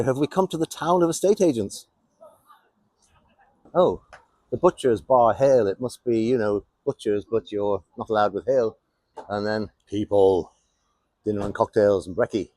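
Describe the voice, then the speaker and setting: A man's voice: mid-range voice, moderate pace, pauses often, darkish tone, dry recording. A man with an English accent giving wry, sardonic running commentary as he walks around a town outdoors. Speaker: vlogger on a town walk. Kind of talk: casual walking commentary.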